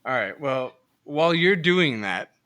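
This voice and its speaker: A man's voice: fairly high pitch, expressive, unhurried, bright, forceful tone. A man co-hosting a casual podcast, joking and self-deprecating, often breaking into laughter. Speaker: podcast co-host.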